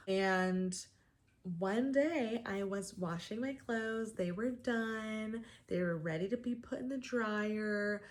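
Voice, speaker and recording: A young adult woman hosting her own show, telling a story in an exasperated, chatty way with lots of fillers. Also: mid-range voice. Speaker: host. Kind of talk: casual comedic rant to camera.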